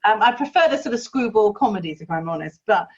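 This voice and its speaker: A woman's voice: medium pitch, animated, fast, muffled recording. A woman in her fifties, chatting enthusiastically about old films as a podcast co-host and laughing easily. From England. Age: 50s. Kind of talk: casual chat about films.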